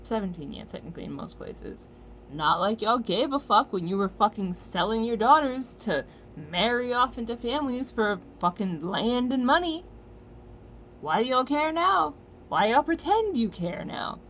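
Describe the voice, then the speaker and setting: An American woman vlogger delivering a heated, profane commentary rant with loud outbursts. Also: a little high, expressive, measured pace, a little hiss or hum.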